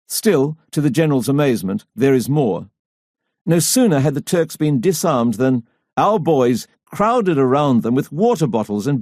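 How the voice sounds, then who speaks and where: Man, audiobook narrator, measured dramatic reading, mid pitch, dry close sound. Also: a little mellow, no echo. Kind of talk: scripted narration.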